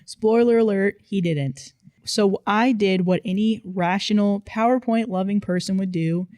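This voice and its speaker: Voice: mid-range voice, a little slow, darkish tone, dry recording. A narrator reading online posts aloud in casual storytime style, with dry, playful emphasis.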